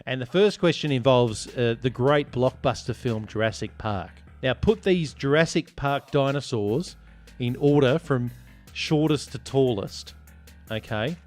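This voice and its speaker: A man's voice: mid-range voice, animated, measured pace, soft background music. An Australian man hosting a sports podcast, reading listener reviews aloud and teasing his co-hosts in casual banter. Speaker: podcast host.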